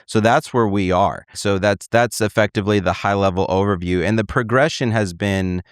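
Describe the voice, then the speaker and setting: A man with a low, smooth voice explains things in a casual, animated way, often slipping into quoted back-and-forth dialogue. He is recorded dry and close, with no room sound. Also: moderate pace, dry recording.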